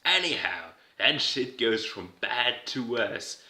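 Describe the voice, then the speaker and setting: A man's voice: medium pitch, big pitch swings, takes it slowly, sharp tone. A man giving a casual, irreverent recap, rambling and swearing as he goes. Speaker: video host recapping a TV episode. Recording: roomy echo.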